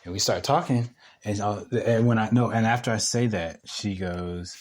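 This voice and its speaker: Brief: young man, low-ish voice, slangy podcast storyteller, laughs a lot, rambles. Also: moderate pace. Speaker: podcast co-host. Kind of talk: casual storytelling chat.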